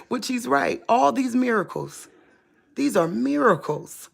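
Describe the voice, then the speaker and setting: Woman vlogger, fervent and preachy, talks straight to camera, mid-pitched voice. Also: expressive, a little slow, gravelly, husky. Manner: impassioned, preachy, addresses viewers directly. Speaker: religious vlogger. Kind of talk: unscripted spiritual monologue to viewers.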